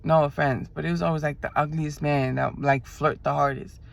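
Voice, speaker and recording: A woman in her twenties from New York, with a New York accent, chatting in a car and telling a story in an animated, slangy way, acting out the people she quotes. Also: sits low, moderate pace, creaky. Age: 20s. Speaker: vlogger. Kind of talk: casual storytelling chat. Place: inside a car.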